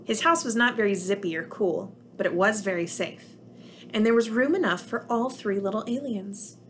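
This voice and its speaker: A preschool teacher reads a picture book aloud to young children, telling the story with plenty of expression. Her voice sits at a middle pitch. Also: moderate pace, slight background noise.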